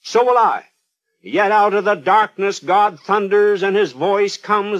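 High-pitched fervent male radio preacher. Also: measured pace, fairly bright tone, dull audio. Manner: fervent, pleading, rhetorical questions to the listener. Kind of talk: radio sermon.

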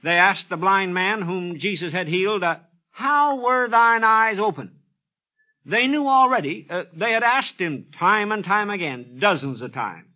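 A man delivers a radio sermon in a high, ringing voice. He acts out the voices from the scripture with flair and hammers home his points with repeated questions. His tone stays bright and forceful. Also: animated, normal speed, hardly any pauses. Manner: dramatic, acts out biblical dialogue; emphatic, repetitive questioning. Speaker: radio preacher.

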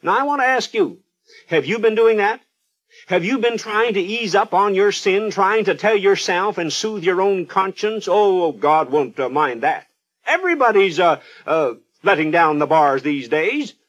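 High-pitched fervent male radio preacher. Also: animated, moderate pace, a bit bright. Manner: fervent, pleading, rhetorical questions to the listener. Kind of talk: radio sermon.

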